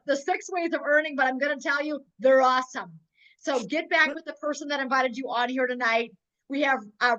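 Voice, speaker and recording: A woman with a high, bright, sharp voice gives a fervent motivational pitch, repeating her rallying lines while on the edge of tears. She comes from North Dakota. Her audio has the muffled, lo-fi sound of a video call. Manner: emotional, on the verge of tears. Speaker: host of a sales webinar.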